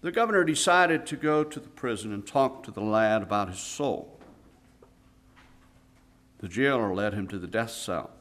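A man's voice: on the low side, animated, moderate pace, long pauses. Dramatic storytelling preacher, man. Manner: dramatic, swings between hushed and loud. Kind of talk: sermon storytelling.

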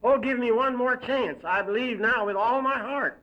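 A man's voice: very high voice, normal speed, pitched above the performer's own voice. A man voicing a terrified damned man who sobs and begs for mercy. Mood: pleading. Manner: sobbing, pleading, screaming. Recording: dull lo-fi recording.

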